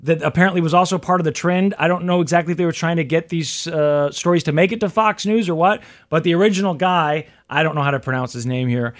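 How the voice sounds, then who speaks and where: High-voiced chatty man podcast host. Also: quick pace, few pauses. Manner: chatty, laughs often, trails off. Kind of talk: casual chat.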